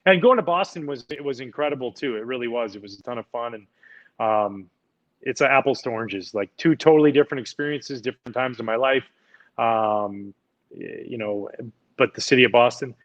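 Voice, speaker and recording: A man in his forties, a podcast guest, telling relaxed, rambling stories with lots of fillers. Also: mid-range voice, a little fast, highs cut off. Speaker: podcast guest, former pitcher. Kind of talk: casual storytelling chat.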